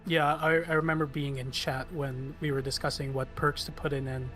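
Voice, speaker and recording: Relaxed Canadian man, hesitant. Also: medium pitch, brisk, faint music behind. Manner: relaxed, hesitant with lots of ums. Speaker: guest game artist. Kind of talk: casual interview chat.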